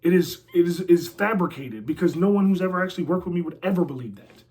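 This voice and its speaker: A former pro wrestler, appearing as an interview guest in a house, talks casually in a brash, boastful way full of slang and trash talk. His voice is high-pitched and expressive, with a fast pace and a darkish tone.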